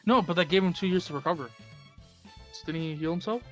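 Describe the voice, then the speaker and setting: Playful young man with a fairly high voice. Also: quick pace, fairly bright tone, faint music behind. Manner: rambling, playful, teasing. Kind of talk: casual gaming stream chat.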